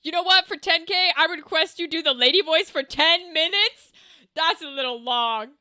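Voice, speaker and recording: A woman's voice: extremely high pitch, moderate pace, sharp tone. A woman streamer chatting casually with her live audience, swearing freely and laughing often.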